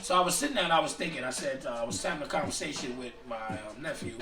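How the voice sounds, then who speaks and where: A man co-hosting a casual chat show, animated and profane, often restarting his sentences. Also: on the high side, very fast, roomy sound, recorded from a distance, over loud music. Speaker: podcast co-host.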